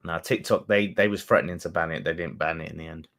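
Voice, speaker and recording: A man hosting a live fan watchalong of a football match, talking excitably to his viewers, swearing freely and bantering as the play unfolds. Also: low voice, fast talker, gravelly. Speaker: fan channel host.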